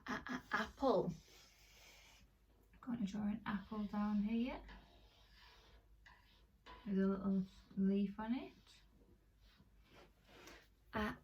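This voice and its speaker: A woman teacher leading a lively, sing-song phonics lesson for young children. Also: a little high, recorded from a distance, slight background noise. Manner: animated, sing-song, encouraging. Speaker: primary school teacher.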